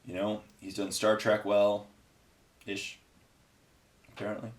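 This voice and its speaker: Man, fairly low voice, casual rambling chat, painting tutorial host, lots of ums. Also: monotone, slow pace. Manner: rambling, chatty, many fillers. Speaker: hobby painting video host.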